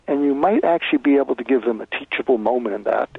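A man's voice: medium pitch, lively intonation, fast, vocal fry, hardly any pauses, husky, no echo. A man being interviewed as a guest author, explaining step by step and acting out sample lines over a phone line. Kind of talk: advice interview.

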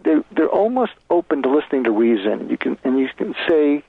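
A man's voice: mid-range voice, sing-song, fairly quick, gravelly, hardly any pauses, slightly rough, no echo. A man being interviewed as a guest author, explaining step by step and acting out sample lines over a phone line. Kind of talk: advice interview.

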